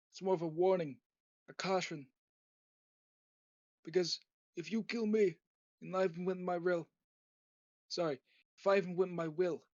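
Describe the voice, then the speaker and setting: A man voicing an aging, menacing mafia boss in a gruff mock-gangster drawl, recorded on a dull lo-fi setup. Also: high-pitched, darkish tone, no echo. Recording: dull lo-fi dry home recording.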